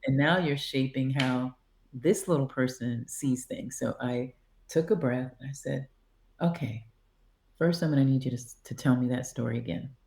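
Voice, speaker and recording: A woman appearing as a podcast guest tells a story casually and with animation, acting out the quoted dialogue. Her voice is extremely low in pitch at a normal speed, with a roomy echo around it.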